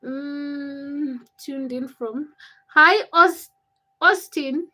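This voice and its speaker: Ugandan woman, livestream host, high bright voice, chatty and teasing with her chat. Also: poor audio. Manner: chatty and teasing, quick comebacks to viewers. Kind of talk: casual live-chat stream, reading and answering viewer comments.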